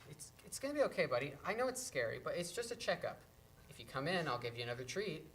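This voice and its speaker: A man playing a gentle, kind dog owner in a staged play reading, speaking softly and reassuringly. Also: fairly high pitch, very animated, quick pace, a little hiss or hum. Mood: coaxing. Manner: soft and reassuring.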